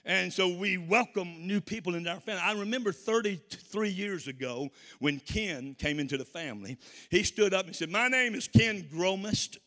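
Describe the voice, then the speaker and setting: A man from the American South with a Southern accent, preaching a sermon with call-and-response and rising to shouts. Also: sits high, normal speed, in a large hall.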